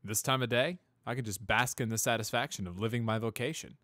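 A man's voice: mid-range voice, a little fast, fairly bright tone, no echo, clean studio sound, pitched above the performer's own voice, natural voice. A man voicing a cheerful, eager young male pegasus navigator in a fan storybook reading. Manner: upbeat, eager, talkative.

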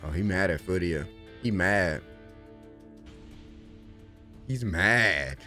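A young man hosting an anime reaction, casual and slangy, swinging from low grumbling to loud cheering as he talks to the screen. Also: animated, drawn-out words, soft background music. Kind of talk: excited reaction commentary.

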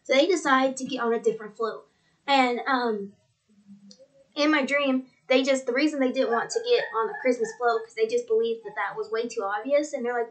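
A woman's voice: on the high side, fairly bright tone, poor audio. A young woman telling her dream to viewers in a casual, rambling way, repeating herself and using many fillers. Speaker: vlogger.

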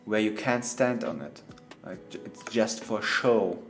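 A man's voice: on the low side, measured pace, fairly bright tone, soft background music. A man, a gaming streamer chatting playfully through live gameplay, laughing often and talking to the animals in the game.

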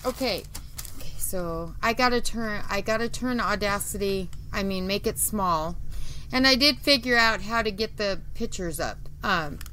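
A woman co-hosting a casual podcast over a video call, talking loudly and laughing at herself while her stiff neck keeps her from turning her head. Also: medium pitch, moderate pace, slight background noise. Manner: loud, laughing, self-mocking. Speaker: podcast co-host. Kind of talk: casual chat. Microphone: video call with microphone.

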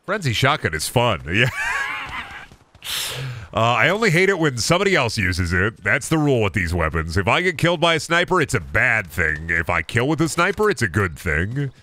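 A man's voice: mid-range voice, sing-song, moderate pace, pushed and bright. Joking young man streaming a game. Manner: joking, repetitive bits, swears often. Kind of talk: casual gameplay commentary.

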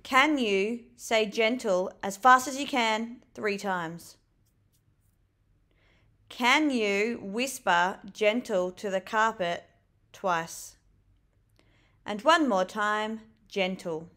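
A woman teacher giving a children's vocabulary lesson, with slow, clearly enunciated, encouraging prompts. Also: fairly high pitch, pushed and bright.

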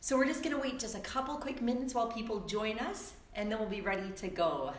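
Talking fast in a reverberant room at home, a fitness instructor warms up her viewers ahead of a live online workout, cheerfully calling out their names. Her slightly high voice still carries a touch of morning hoarseness.

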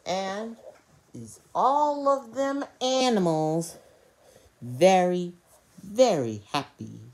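A woman's voice: mid-range voice, expressive, drawn-out words, a little mellow. Hesitant woman telling a toy story. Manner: hesitant, with fillers and slips. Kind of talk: improvised children's story narration.

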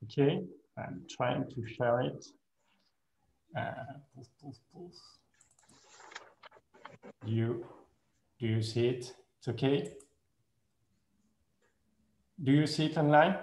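A man's voice: mid-range voice, measured pace, creaky, long pauses, a little mellow, echoey room, slight background noise, low-quality recording. A man with a French accent giving a conference talk over a video call, hesitant and full of fillers, with a self-deprecating laugh. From France. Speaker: guest speaker, lawyer and professor. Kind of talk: conference presentation.

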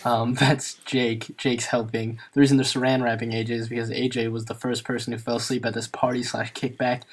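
A young man talking casually to camera in a vlog, chatty and quick to laugh. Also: mid-range voice, slight background noise. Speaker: vlogger.

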